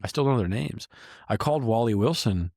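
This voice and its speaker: A middle-aged man hosting a candid conversation, animated and acting out the lines he quotes. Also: mid-range voice, a little fast, no echo, studio quality. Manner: animated, acts out quoted dialogue. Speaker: host and business coach.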